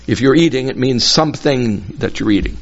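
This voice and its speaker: A man slowly teaching a Bible passage verse by verse, patiently explaining each phrase and repeating himself. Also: medium pitch. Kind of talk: slow verse-by-verse Bible lesson. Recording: dull lo-fi recording.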